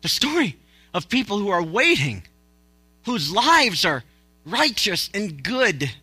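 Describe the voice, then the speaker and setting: A man's voice: high voice, big pitch swings, takes it slowly, pushed and bright, breathy edge, no room sound. A man preaching a conversational sermon as a pastor, joking and acting out quotes as he goes.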